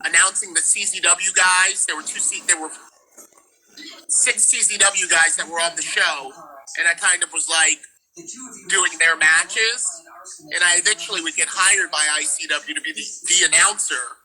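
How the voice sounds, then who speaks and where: A ring announcer from New York telling stories in a casual interview, in a rambling, laid-back way. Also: male voice, high-pitched, steady tone, moderate pace, sharp tone, poor audio.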